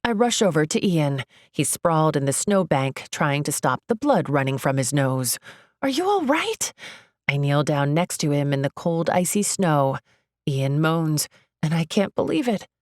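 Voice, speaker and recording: A young woman narrating a first-person romance audiobook, expressive, jumping up in pitch for her character's outbursts. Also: normal speed, dry recording, studio quality.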